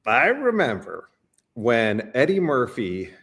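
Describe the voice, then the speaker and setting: In a relaxed interview, a Canadian man talks slowly in a mid-range voice. He's energetic as a guest, though he often stumbles, starts over, and leans on fillers.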